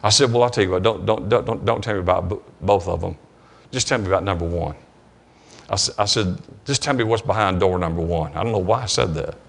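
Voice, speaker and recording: A pastor with a Southern US accent preaches a sermon in a church sanctuary, his deep voice creaky with a breathy edge. He tells a story haltingly, restarting often, repeating words, and retelling dialogue.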